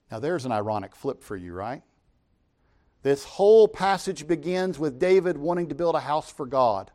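A man's voice: fairly high pitch, lively intonation, normal speed, a little mellow. A man preaching a sermon, retelling scripture with emphatic, dramatic paraphrase.

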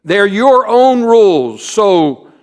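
A man voicing a firm but kindly male schoolteacher who speaks in a measured way. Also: sits high, sing-song, a little mellow, voice pushed up, full character voice.

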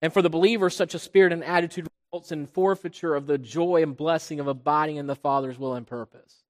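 A man with a fairly high voice preaches to his congregation, rising loud on key points and sinking to a hush on others. His voice rings with the long reverb of a large church sanctuary. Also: fairly even intonation, fast talker. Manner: preaching, swells loud on key points, drops low on quiet ones. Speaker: pastor. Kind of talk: sermon.

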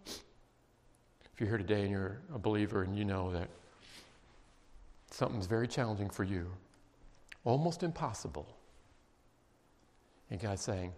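A man preaching a sermon, emphatic and emotional, dropping to quiet intense passages. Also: lowish voice, measured pace, pauses often. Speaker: pastor. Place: church sanctuary. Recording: long reverb of a large hall.

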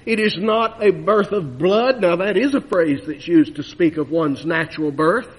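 Male preacher, emphatic sermon, high husky voice, long reverb of a church. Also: expressive, unhurried. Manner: emphatic, swinging between loud urging and hushed lows.

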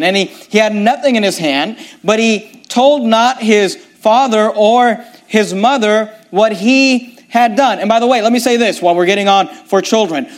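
A man with a high-pitched voice preaches a sermon. He talks emphatically, reads scripture verses aloud and pushes his listeners with rhetorical questions.

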